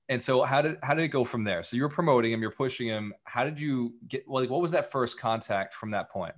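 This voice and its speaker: A man's voice: medium pitch, a little fast, hardly any pauses. A man hosting a podcast, asking questions in a casual, conversational way with many fillers. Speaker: podcast host. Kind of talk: casual interview.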